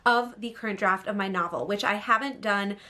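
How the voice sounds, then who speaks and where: Woman, chatty novelist-host, casual upbeat tutorial delivery, mid-pitched. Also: a little fast, bright, forceful tone. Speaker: novelist showing a phone app. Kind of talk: casual how-to vlog.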